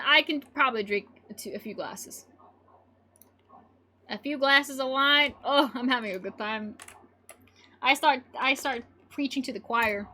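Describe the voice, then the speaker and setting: A young woman streams and chats casually with her viewers, rambling and giggling as she goes. Her voice is high, bright and forceful.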